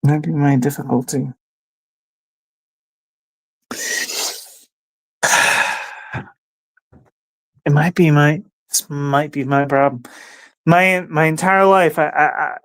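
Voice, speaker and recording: A man's voice: a little high, steady tone, takes it slowly, long pauses, fairly bright tone, no room sound. A man hosting a casual livestream, rambling and musing aloud, sometimes talking to his dog. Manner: rambling, talks to his dog between thoughts. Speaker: livestream host.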